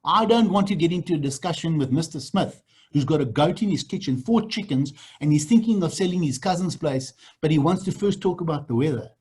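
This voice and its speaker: A man's voice: fairly high pitch, expressive, a little fast, a little mellow, slightly rough. A man running a sales training on a video call, blunt and repetitive. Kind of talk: online training session.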